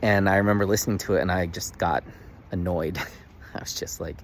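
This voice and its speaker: A man in his thirties talking casually to the camera in a daily video diary, earnest and animated, full of "like" fillers. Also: low-pitched, a little fast, a little hiss or hum. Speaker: vlogger.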